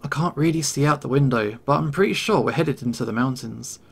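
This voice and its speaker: A man narrating a first-person story in a tense, measured way. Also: medium pitch, gravelly, breathy edge.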